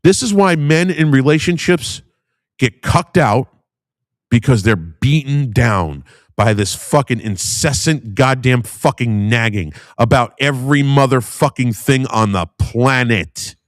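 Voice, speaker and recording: A man's voice: mid-range voice, lively intonation, a little slow, no room sound, clean studio sound. A man ranting heatedly in a debate, combative and full of profanity.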